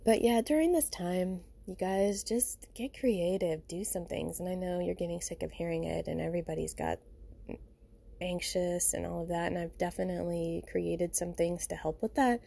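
Low mellow lady rambling casually on her podcast at home, lots of "you know". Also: moderate pace, vocal fry, husky. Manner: rambling, informal, frequent "you know" and "you guys". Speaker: podcast host. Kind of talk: casual reflective monologue. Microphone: home recording.

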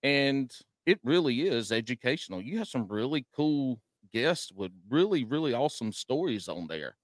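A man's voice: medium pitch, big pitch swings, normal speed, dry recording, clean studio sound. A man with a Southern US drawl hosting a podcast in casual chat, folksy and self-deprecating with easy jokes. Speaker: podcast host.

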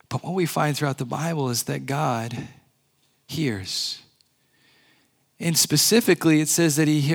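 A male pastor delivering a sermon in a church. His voice sits a little high for a man. He preaches earnestly, often slowing and dropping to a near hush on the words that matter.

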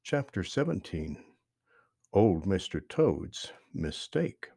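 A man narrating a children's book aloud, with expressive storytelling and lively emphasis. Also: sits low, slow pace, vocal fry, slightly rough, no echo, studio quality.

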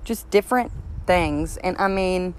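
A woman with a drawl talks straight to her listeners on a solo podcast, cursing freely and giving blunt advice. Her voice sits fairly low. A long reverb trails behind her words. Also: measured pace, a little mellow, clean tone. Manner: blunt, profane, frank advice. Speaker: podcast host. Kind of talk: casual solo podcast chat.

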